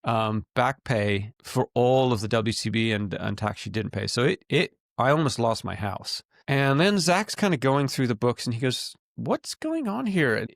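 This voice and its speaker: A man's voice: medium pitch, normal speed, creaky, few pauses, no room sound, studio quality. A middle-aged man and podcast co-host, candidly retelling a business story with quoted dialogue in a casual chat.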